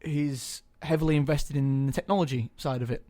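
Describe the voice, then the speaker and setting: A young man talking casually as an interview guest, chatty and hesitant, filling pauses with ums. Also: on the high side, steady tone, warm tone. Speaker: guest actor.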